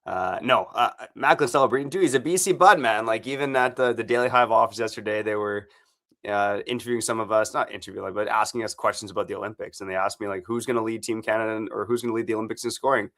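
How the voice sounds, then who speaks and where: Bright-voiced hype hockey podcast guy. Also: fairly low pitch, quick pace. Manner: energetic slangy delivery, hype exclamations. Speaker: podcast co-host and hockey reporter. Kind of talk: casual podcast chat with a read ad.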